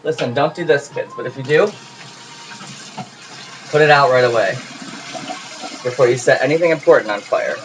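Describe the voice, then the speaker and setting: A man's voice: mid-range voice, moderate pace, pauses often. Guy rambling thru a home cooking vid, kitchen noise in the background. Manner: chatty, jokey, talks to the camera while working. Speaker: home cooking video host. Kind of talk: casual cooking demonstration. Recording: noisy home recording.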